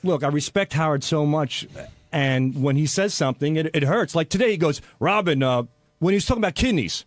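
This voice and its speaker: Man, radio show staffer, high voice, rapid talk, animated storyteller, dry studio mic. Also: no echo. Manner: animated storyteller, quotes others in lively voices. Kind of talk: casual studio chat.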